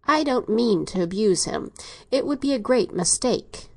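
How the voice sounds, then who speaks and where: A woman's voice: on the high side, animated, gravelly, full character voice. A woman reading a cool, ironic doctor father. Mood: cold. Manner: measured, dry, ironic. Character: middle-aged man, cool ironic domineering doctor father. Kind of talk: audiobook character reading.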